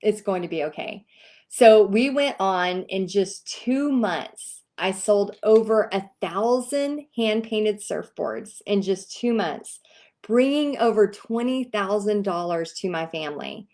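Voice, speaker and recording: A woman's voice: mid-range voice, slow pace. A woman from Texas in her thirties, telling her own story casually to viewers and acting out the other people's lines. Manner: animated, acts out quoted voices. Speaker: host.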